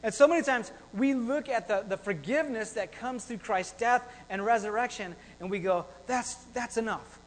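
A man preaching a lively, conversational sermon full of rhetorical questions. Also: high voice, normal speed, hardly any pauses, big-room sound. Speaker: pastor.

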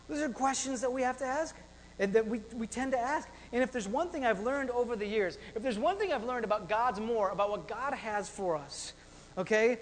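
Male pastor, high voice, energetic conversational sermon, church reverb. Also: brisk. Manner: animated, repetitive, conversational preaching with rhetorical questions.

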